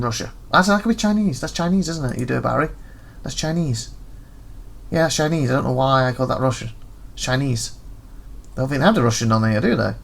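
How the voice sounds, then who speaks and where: Gravelly-voiced man thinking aloud over gameplay. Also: mid-range voice, fairly bright tone, a little hiss or hum. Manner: rambling, thinks aloud, reads menu text. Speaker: gaming channel host. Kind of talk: casual gameplay commentary.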